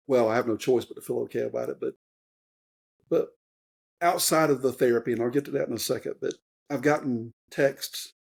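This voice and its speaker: A man's voice: mid-range voice, vocal fry, warm tone. A man in his fifties, a retired Army warrant officer, telling his story as a podcast guest in a rambling, earnest way, with lots of fillers and restarts. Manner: rambling, loose speech full of fillers and restarts; earnest and openly emotional. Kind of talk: conversational interview storytelling.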